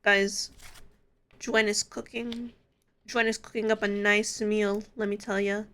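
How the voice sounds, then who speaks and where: Bright-voiced, giddy woman streamer. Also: mid-range voice, flat delivery, a little slow. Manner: giddy, laughs often, talks straight to chat. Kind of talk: casual chat with stream viewers.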